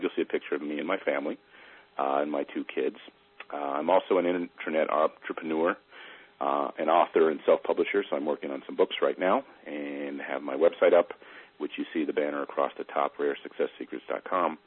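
A middle-aged man gives a relaxed slide talk, stopping for fillers and little stories. His voice is low and husky. The sound is dry and tinny, as if over a phone line. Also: no echo. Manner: conversational, uses fillers, tells stories. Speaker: presenter, internet entrepreneur.

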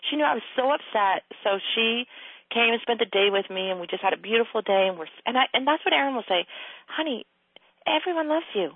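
A woman's voice: a little high, quick pace, no room sound. A woman hosting a call-in radio show, telling a candid family story with lots of laughter and acted-out quotes. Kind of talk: casual call-in radio chat. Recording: tinny phone-line sound, dry.

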